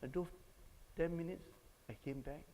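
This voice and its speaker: Man, singaporean english accent, preaching, higher voice, long hall reverb. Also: normal speed, dark tone, a little hiss or hum. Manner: storytelling, asks the audience questions. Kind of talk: sermon.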